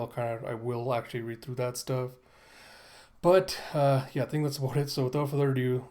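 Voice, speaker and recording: Relaxed man rambling through a comic. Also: medium pitch. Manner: relaxed and rambling, many fillers. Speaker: manga read-through host. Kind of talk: casual comic read-through.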